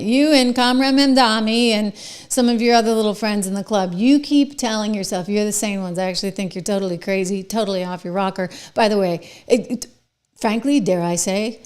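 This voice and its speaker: A woman's voice: mid-range voice, a little fast, darkish tone, smooth. Sarcastic middle-aged woman host talking politics, mocking, casual. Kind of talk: political commentary monologue.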